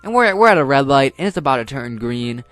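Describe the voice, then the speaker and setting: A teenage boy tells a story in a loose, rambling way, full of filler words and restarts. His voice sits at an ordinary middle pitch. Faint music plays underneath. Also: big pitch swings, fast, fairly bright tone, no room sound. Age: teens. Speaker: vlogger. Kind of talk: casual storytime.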